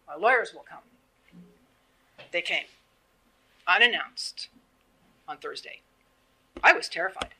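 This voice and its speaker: A bright-toned woman in her fifties gives a public presentation. She talks in an earnest, plain-spoken way and acts out the exchanges she describes. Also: medium pitch, rough recording. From Canada. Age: 50s.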